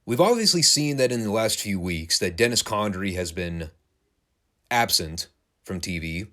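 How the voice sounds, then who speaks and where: Lively low-voiced man recapping wrestling. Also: normal speed. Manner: animated, laughing, casual swearing. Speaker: wrestling show reviewer. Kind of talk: casual recap commentary.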